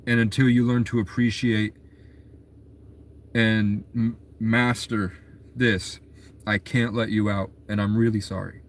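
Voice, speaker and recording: A man voicing a serious, calm bearded man around thirty, speaking low-key and firm. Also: slight background noise, close to an everyday voice.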